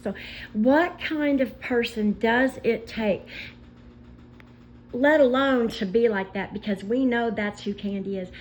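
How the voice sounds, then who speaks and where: A woman vlogger telling stories in an emotional, indignant rant, pausing as she speaks. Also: on the high side, a little hiss or hum, poor audio. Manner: indignant, impassioned storytelling with pauses. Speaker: commentary vlogger.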